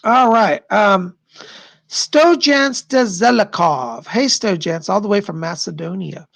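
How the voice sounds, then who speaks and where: A man's voice: high voice, animated, slow pace, gravelly, fairly bright tone. A man hosting a live stream of psychic readings, chatty and rambling, who keeps repeating what the spirits say. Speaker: psychic livestream host.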